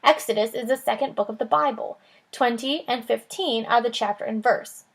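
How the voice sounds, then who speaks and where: A sensible schoolboy who takes charge in a steady, matter-of-fact way, read by a woman. The voice is a touch high and carries a gravelly creak. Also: normal speed.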